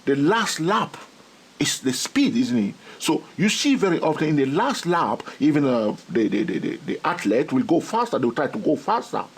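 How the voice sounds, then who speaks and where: Animated husky man teaching trading. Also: on the high side, moderate pace. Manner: repeats "all right?" and "okay?" constantly, laughs often; animated, gets excited about his subject. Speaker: trading educator. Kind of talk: excitable teaching monologue.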